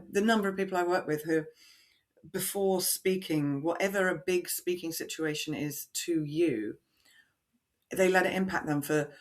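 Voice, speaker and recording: A woman voice coach answering podcast interview questions in an expressive, animated way, acting out the lines she quotes. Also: low voice.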